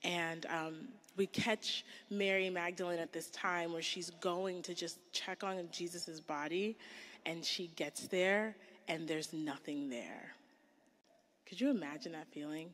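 A woman in her thirties giving a casual, conversational sermon. She leans heavily on "like" and drops to a hushed whisper for emphasis. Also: lowish voice, unhurried. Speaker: speaker preaching to a church audience. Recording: long reverb in a hall.

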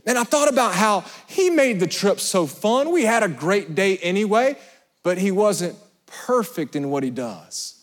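A man preaching a sermon as pastor, animated and storytelling, swinging between loud emphasis and hushed asides. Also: high voice. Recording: long hall reverb.

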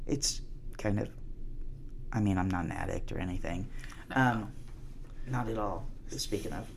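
A woman's voice: a bass voice, measured pace, creaky, a little hiss or hum. A middle-aged woman and comedian, a podcast guest telling rambling, profane stories with many restarts in a casual interview.

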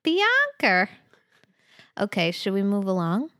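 A woman's voice: medium pitch, lively intonation, takes it slowly, no echo, studio quality. A woman co-hosting a casual chat about crossword puzzles, playful, laughing often and swearing casually. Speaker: podcast co-host.

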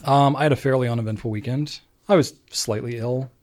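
A man's voice: medium pitch, brisk, a little mellow, slight background noise. A man in his late thirties co-hosting a podcast, chatting in an easygoing, rambling way. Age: late 30s. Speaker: podcast co-host. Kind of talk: casual chat.

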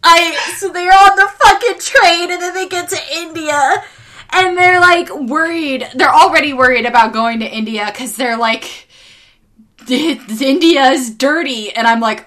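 A high-voiced woman chatting casually on a podcast, her tone bright and sharp. She sounds exasperated, swears freely and acts out lines as she recaps. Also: steady tone, unhurried. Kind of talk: casual chat recapping an anime.

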